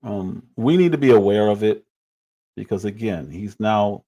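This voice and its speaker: A man's voice: lowish voice, moderate pace, mellow. A man in his forties giving critical, exasperated commentary on clips during a livestream.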